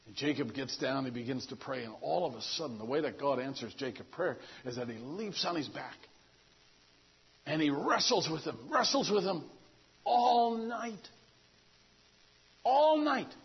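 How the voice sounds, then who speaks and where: A man's voice: mid-range voice, expressive, moderate pace, slightly rough. A man preaching a folksy, conversational sermon, retelling the story with humor and playing out the characters' talk. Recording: dull lo-fi recording.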